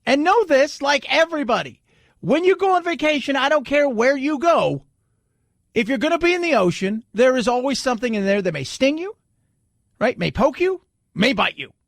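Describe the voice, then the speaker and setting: High-voiced blunt talk radio host. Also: male voice, sing-song, normal speed, vocal fry, dry recording, studio quality. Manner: blunt and jokey, slips into mocking voices. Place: radio studio.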